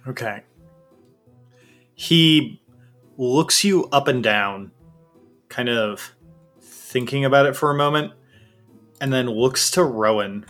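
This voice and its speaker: A man narrating and running a tabletop role-playing game in a relaxed, easily amused way. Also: mid-range voice, takes it slowly, long pauses, soft background music. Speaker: game master.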